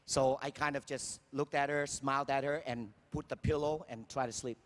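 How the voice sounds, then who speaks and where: A man's voice: mid-range voice, fairly even intonation, moderate pace. A man giving a motivational stage speech at a sales convention, emphatic and repetitive, firing rhetorical questions at the crowd. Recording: long hall reverb.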